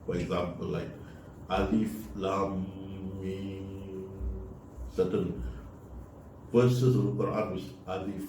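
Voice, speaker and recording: A man's voice: low-pitched, fairly even intonation, takes it slowly, long pauses. A man giving an earnest religious talk, urging listeners and repeating key points. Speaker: religious speaker. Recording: echoey room, voice from far off, faint noise.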